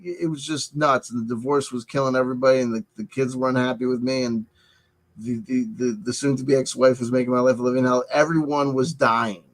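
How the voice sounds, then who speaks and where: A middle-aged man talking through a personal confession in a halting, rambling way, full of restarts and filler words, wearing headphones. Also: mid-range voice, fairly even intonation, rough recording. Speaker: vlogger. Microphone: headset headphones.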